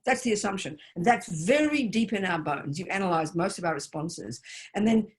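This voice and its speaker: A woman's voice: fairly low pitch, animated, moderate pace. Older nun lady giving a dharma talk, punchy and emphatic, lots of rhetorical questions. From Australia. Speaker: Buddhist nun teacher.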